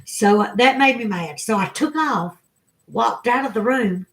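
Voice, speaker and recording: A woman's voice: fairly high pitch, unhurried, a bit bright. A middle-aged woman with a Southern accent, chatting to her livestream viewers and telling an emotional personal story. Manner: emotional storytelling, tearful at times. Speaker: livestream host. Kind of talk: casual chat to viewers.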